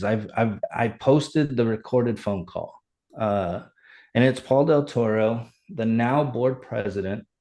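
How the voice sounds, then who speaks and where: A middle-aged man, a fire chief, telling his story in an animated, earnest way as a podcast guest. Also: medium pitch. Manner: animated, earnest, reenacts dialogue. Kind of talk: conversational storytelling.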